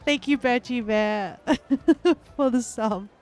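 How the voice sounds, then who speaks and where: A woman's voice: fairly high pitch, takes it slowly, a little mellow, faint music behind. A young woman streamer giving giggly, chatty let's-play commentary and reading her chat aloud.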